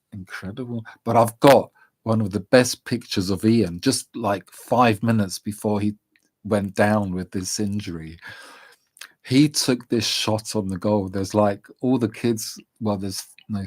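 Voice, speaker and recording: A man vlogging, telling a story in a rambling way, chuckling often and filling pauses with "you know" and "um". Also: on the low side, darkish tone, no echo. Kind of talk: casual storytelling.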